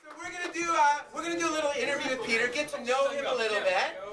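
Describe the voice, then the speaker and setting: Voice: sits high, very fast, over a noisy crowd. An improv show host on stage, talking to the audience in a chatty way with lots of fillers and restarts. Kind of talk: live stage hosting. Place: small theater stage with audience. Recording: echoey, distant, noisy live recording.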